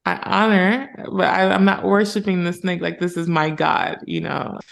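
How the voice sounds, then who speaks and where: A woman speaking as a spiritual mentor and podcast guest, in casual conversation, earnest and animated as she retells moments. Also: fairly low pitch, normal speed, gravelly.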